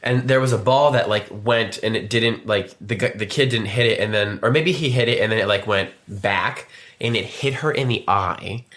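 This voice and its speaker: A man's voice: on the low side, moderate pace, a bit bright. A man, co-hosting a podcast and rambling through a story with many restarts. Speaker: podcast co-host. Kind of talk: casual chat.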